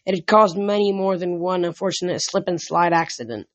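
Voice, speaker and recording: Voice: medium pitch, fairly quick, no echo. A reader narrating a novel in the first person in a casual way, with small slips and restarts. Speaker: audiobook reader.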